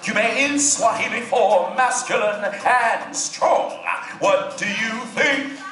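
A man's voice: high voice, slow pace, sharp tone, full character voice. A man playing the showy leader of a singing troupe, rallying a live audience. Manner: theatrical, rallies the audience. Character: boastful male singer, leader of a tribal troupe. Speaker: stage show performer, troupe leader. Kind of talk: live theater show hosting. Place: large theater-in-the-round with an audience. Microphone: camcorder in the audience. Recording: echoey live venue, crowd and music.

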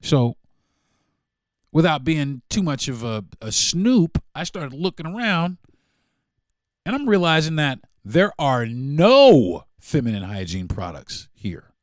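Lively profane man telling a story. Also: a little high, takes it slowly, dry recording, studio quality. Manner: animated, profane, acts out dialogue. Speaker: podcast host. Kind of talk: casual storytelling.

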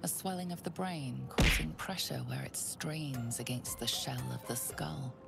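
Deep, hushed, gravelly fantasy narrator over music. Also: female voice, a little slow, full character voice. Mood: ominous. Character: ominous female storyteller narrating a dark fantasy game. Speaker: game narrator.

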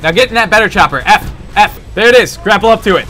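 A young man in casual gameplay banter, bossing his partner around with jokes. His voice sits fairly high and swings widely in pitch. Faint music plays behind him. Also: animated, quick pace, bright, forceful tone, rough recording. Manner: bossy, joking backseat directions. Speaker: gaming show co-host.

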